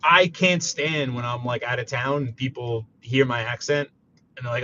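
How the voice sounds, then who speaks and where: A man with a New York accent, chatting casually on a live stream while he drives, reading viewer messages aloud and breaking into animated outbursts. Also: medium pitch, moderate pace, lo-fi sound, a little hiss or hum. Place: inside a car.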